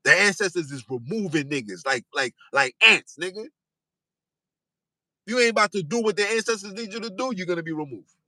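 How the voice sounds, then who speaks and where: Pitched high, with lively intonation and a fairly quick pace, a male podcast host hammers his points home in a fiery preaching monologue. His raised voice keeps repeating and rising into shouts, over poor audio with no room sound.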